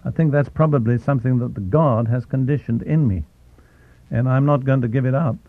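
A man's voice: medium pitch, dry recording. Man teaching the Bible over a tinny line. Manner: deliberate, slows down to stress key phrases. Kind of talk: sermon. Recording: tinny phone-like, dry.

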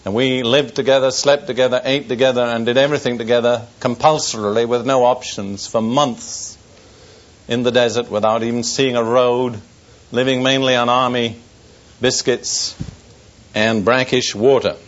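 A man's voice: mid-range voice, fairly even intonation, normal speed. An older man, a pastor, preaching to a congregation and telling a personal story with dry humor and earnest warnings. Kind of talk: sermon testimony. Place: church service before an audience. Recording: dull lo-fi recording.

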